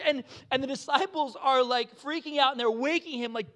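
A man preaching a sermon, animated, acting out the lines with voices and laughing often. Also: very high voice, a little fast. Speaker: pastor.

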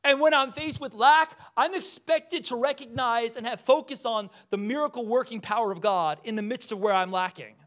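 A man preaching a sermon, animated, acting out the lines with voices and laughing often. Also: very high voice, moderate pace, hardly any pauses. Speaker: pastor.

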